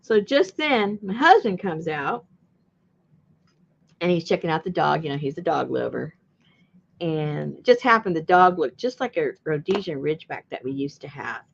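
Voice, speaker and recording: A woman's voice: low voice, lively intonation, moderate pace, vocal fry, lo-fi sound, slight background noise. A woman chatting casually while she crafts. She tells a long rambling story, laughs often and acts out what people said. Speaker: junk journal crafter and channel host.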